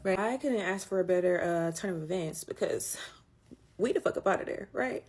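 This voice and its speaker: A woman's voice: fairly low pitch, expressive, moderate pace, a little mellow. A woman casually recounting a painful breakup, candid and swearing, her voice climbing when she stresses a point. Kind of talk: casual storytime.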